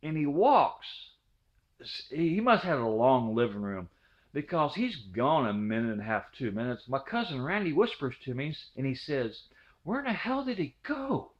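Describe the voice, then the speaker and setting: A man in his fifties from Ohio, a channel host, rambles through a childhood story in a folksy way, restarting often. His medium-pitched voice is very animated and moves at a normal speed. The recording sounds dull and lo-fi.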